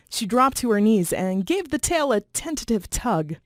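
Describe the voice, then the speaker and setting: A woman reading chapters of a children's novel aloud in a measured, steady narration. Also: mid-range voice, dry recording, clean studio sound. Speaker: reader. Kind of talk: storybook read-aloud.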